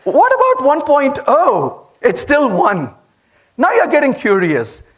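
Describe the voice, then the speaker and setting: A man with an Indian accent giving a lively conference talk, telling stories and asking the audience questions. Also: extremely high pitch, takes it slowly. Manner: animated storytelling, asks the audience questions. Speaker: conference speaker. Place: conference hall.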